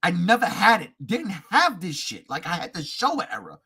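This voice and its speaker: Excitable man with a lively, husky voice. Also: high voice, normal speed. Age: adult. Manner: excitable, swearing, laughing fan. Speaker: podcast co-host. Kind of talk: casual chat.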